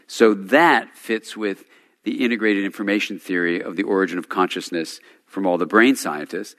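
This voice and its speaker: Brief: male retreat teacher, lowish voice, casual storytelling, long hall reverb. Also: normal speed, fairly bright tone. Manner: informal, storytelling, chuckling asides. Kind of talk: talk at a day retreat. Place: meditation center hall.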